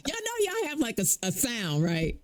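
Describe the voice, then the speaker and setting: A woman's voice: on the high side, huge pitch swings, normal speed. A woman hosting a political talk show, chatty and affirming, often restarting her sentences. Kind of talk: casual interview chat.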